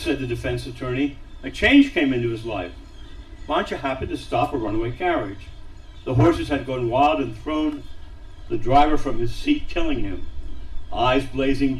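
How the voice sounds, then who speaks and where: A man reading a story aloud at a synagogue service, dramatic, dropping to a hush on quiet lines. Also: mid-range voice, far from the mic, rough recording. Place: synagogue sanctuary.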